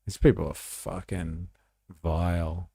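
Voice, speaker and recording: A man's voice: deep voice, little pitch movement, slow pace, gravelly, dark tone, breathy edge, no room sound, clean studio sound. An Australian man giving blunt, sarcastic livestream commentary, swearing freely as he reacts to posts. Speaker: live streamer.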